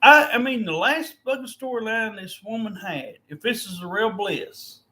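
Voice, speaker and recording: A man with a high, bright and forceful voice rants angrily, cursing in nearly every line. He sounds tired and fed up, and he talks in a loose, casual way. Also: normal speed. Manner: angry, profane ranting. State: weary and fed up. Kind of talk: casual rant.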